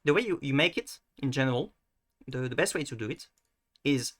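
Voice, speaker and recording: A man's voice: mid-range voice, animated, a little fast, a bit bright. A man giving a casual screen-share lesson, hesitant and full of restarts, fillers and self-mocking asides. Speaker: video tutor.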